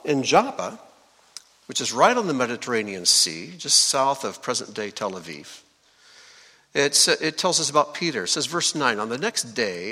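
A bright, forceful male voice fills a big hall, the reverb ringing long behind him. Teaching from scripture with widely swinging pitch, he stays lively and keeps asking the congregation questions.

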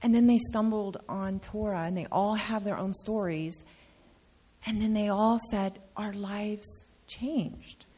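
A woman's voice: medium pitch, a little slow, warm tone, breathy edge. A woman sharing an earnest testimony with her congregation, stressing her points by repeating them. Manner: earnest, emphatic repetition. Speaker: trip speaker sharing testimony. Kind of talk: heartfelt testimony.

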